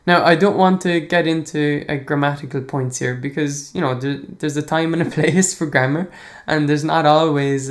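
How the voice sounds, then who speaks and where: An Irish man hosting a language podcast. He answers listener questions in a casual, relaxed way, chuckling often and pausing on fillers. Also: a little high. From Ireland. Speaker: podcast host.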